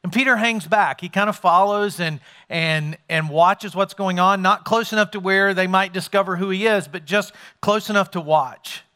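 A man's voice: high-pitched, normal speed, hardly any pauses, pushed and bright, smooth. A man preaching a sermon as pastor to a congregation in a church, talking in a conversational way and joking with his listeners.

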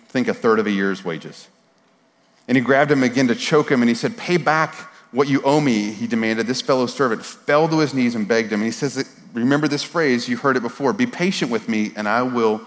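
A man preaching a casual, conversational sermon, animated and informal with slang and repeated words, at times dropping to a soft, earnest voice. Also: mid-range voice. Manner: drops to a soft, quiet voice for earnest moments. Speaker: pastor. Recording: long reverb of a large hall.

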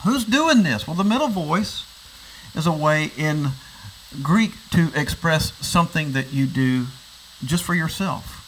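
A man's voice: a little high, lively intonation, unhurried, fairly bright tone, slight background noise, low-quality recording. A man preaching a sermon, explaining a passage and posing rhetorical questions, often repeating words as he restarts. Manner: teaching, asks rhetorical questions. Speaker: pastor.

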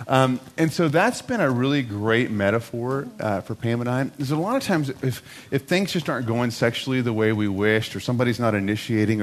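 A man's voice: on the low side, slight background noise. A middle-aged man giving a church talk with a conversational, self-mocking story.

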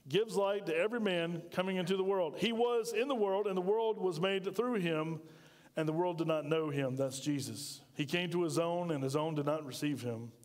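A pastor preaches in a high, ringing voice, folksy and emphatic, tossing questions out to his congregation. His words trail off into the long reverb of a church sanctuary. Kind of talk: sermon.

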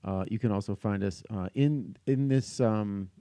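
Low-key man podcast host, mellow voice. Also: a little slow, no room sound. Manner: low-key, hesitant, many fillers. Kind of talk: casual chat.

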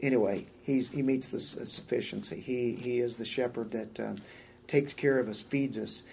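A man's voice: mid-range voice, fairly even intonation, normal speed, vocal fry, darkish tone, slight background noise. A man preaching a verse-by-verse sermon in a conversational way, with many fillers and repeated words.

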